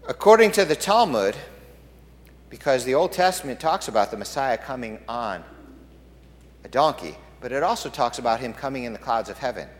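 A man preaching a sermon, rising to loud, booming proclamations and dropping to hushed, low emphasis. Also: lively intonation, a little fast. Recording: long hall reverb.

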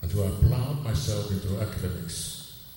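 Deep-voiced older man in an echoey hall. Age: 60s. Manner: earnest, repeats key phrases slowly. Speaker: pastor and counselor. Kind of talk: personal faith testimony. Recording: echoey hall, far from mic, faint noise.

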